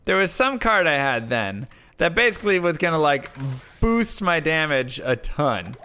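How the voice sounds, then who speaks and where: A man live-streaming, telling a rambling story in a casual, animated way with lots of filler words. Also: on the high side, moderate pace, a little hiss or hum. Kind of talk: casual storytelling while gaming.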